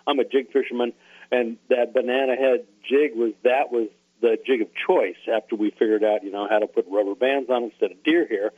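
A man's voice: medium pitch, fairly even intonation, breathy edge. Rambling man on a tinny phone line. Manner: rambling, halting reminiscing. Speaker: radio co-host. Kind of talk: casual radio chat.

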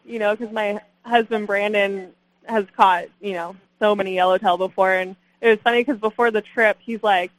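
A woman's voice: mid-range voice, steady tone, moderate pace, low-quality recording. A young woman, a guest angler, telling her catch story in a casual, laughing way, full of "like" and "you know". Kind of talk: casual storytelling on a radio show.

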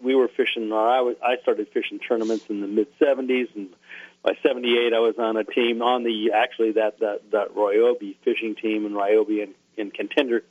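A man co-hosting a radio show, reminiscing in a rambling, halting way. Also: on the low side, little pitch movement, phone-quality sound. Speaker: radio co-host. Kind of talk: casual radio chat.

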